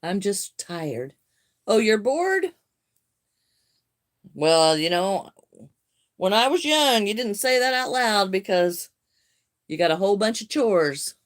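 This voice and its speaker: Older woman, crafts live-streamer, slow, easy chat; mid-pitched, homey tone. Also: very animated. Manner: unhurried, friendly, greets viewers by name. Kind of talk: casual live-stream chat answering viewer comments.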